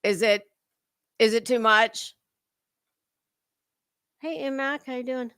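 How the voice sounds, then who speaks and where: A woman's voice: a little high, slow, a bit bright, clear, resonant tone, dry recording, clean studio sound. A woman hosting a casual livestream commentary, chatty and swearing freely as she greets her chat viewers by name.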